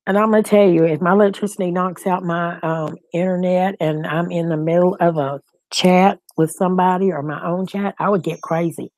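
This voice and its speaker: A woman's voice: on the low side, fairly even intonation, brisk, darkish tone, no echo. A woman co-hosting a livestream, talking straight to her viewers in casual chat and laughing often. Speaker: livestream co-host. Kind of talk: casual live-chat talk.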